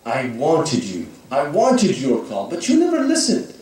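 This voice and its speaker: A man's voice: on the high side, huge pitch swings, a little slow, darkish tone. A man voicing God as a stern, testing male figure in a told sermon story, speaking insistently. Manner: challenging, insistent questioning. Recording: echoey hall, speaker far from mic.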